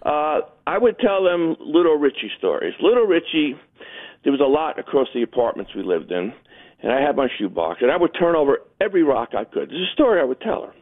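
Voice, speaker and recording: A man calling in to a talk show, telling stories and jokes in an animated way over a phone line. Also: on the high side, a little fast. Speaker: caller. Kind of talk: phone-in storytelling.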